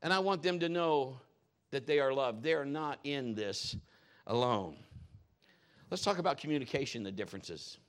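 A middle-aged man preaching a humorous sermon in a church, animated and jokey, laughing often and swinging between loud and soft. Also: mid-range voice, moderate pace. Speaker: pastor.

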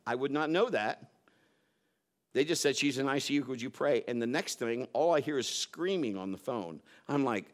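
A man preaches a sermon full of stories, swinging between loud, emphatic bursts and quiet, low asides.

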